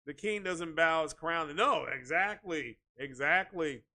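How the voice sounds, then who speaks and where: A man hosting a tech video channel, ranting in casual commentary, animated and repetitive and leaning on "you know" fillers. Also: a little high, unhurried.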